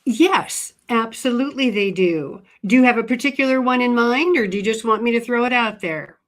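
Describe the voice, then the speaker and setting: A woman's voice: a little high, moderate pace. A woman author talking about her writing as a radio guest. She talks in a chatty way, often restarting her sentences. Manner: chatty, frequent restarts and fillers. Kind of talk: casual interview talk.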